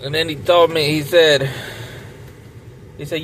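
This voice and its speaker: A man rambles through a profane comic story, his voice swinging up and down as he retells a friend's words. He talks slowly and takes his time. Steady car engine hum sits under the recording. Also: a little high, low-quality recording. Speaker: comedian.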